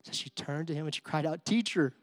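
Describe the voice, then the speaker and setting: Guy pastor preaching easter, kinda high voice, chatty w lots of uhs, goes from hushed to loud, dry close sound. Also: fairly quick, no echo. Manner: conversational, with asides and many fillers; swings from quiet and hushed to loud and excited. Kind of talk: Easter sermon.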